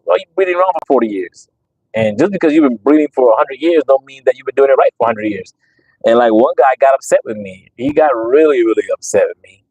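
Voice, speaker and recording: A dog breeder hosting his own channel talks casually to viewers on a livestream, sounding emphatic and preachy, repeating himself and using plenty of fillers. His voice is medium-pitched and a little mellow. The recording is low quality with no room sound.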